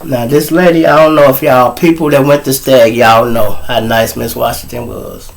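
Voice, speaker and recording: A man, hosting his show and casually telling a profane, animated story to his viewers. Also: mid-range voice, normal speed, creaky, low-quality recording. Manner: animated, profane, acts out quotes, addresses audience. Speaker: show host.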